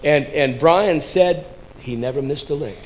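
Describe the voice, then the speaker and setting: A man preaching a sermon, swinging between soft, low asides and loud, rising declarations, and addressing listeners by name. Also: measured pace, a little hiss or hum, poor audio.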